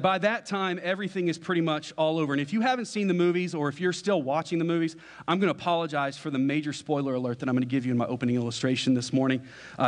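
A young man preaches in a slightly high voice, telling a story in a loose, conversational way. His words ring out with a long reverb, as if he is in a large church hall. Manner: casual storytelling, acts out quoted dialogue. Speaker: pastor. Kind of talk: sermon illustration. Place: church sanctuary.

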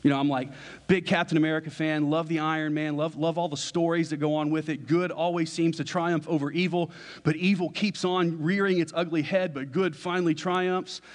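A young man preaches in a slightly high voice, telling a story in a loose, conversational way. His words ring out with a long reverb, as if he is in a large church hall. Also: level tone, fairly quick. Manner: casual storytelling, acts out quoted dialogue. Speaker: pastor. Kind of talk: sermon illustration. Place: church sanctuary.

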